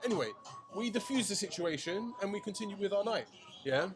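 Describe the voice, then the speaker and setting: A young man, telling a night-out story in casual podcast chat, animated, slangy and swearing. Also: sits high, brisk. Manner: animated, swearing, slangy, acts out friends' lines. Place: shisha lounge. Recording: music playing behind.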